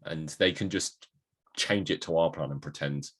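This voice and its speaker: A man's voice: extremely low pitch, normal speed, fairly bright tone, slightly rough. A man co-hosting a podcast in casual chat, joking and playful, talking over a video call. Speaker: podcast co-host.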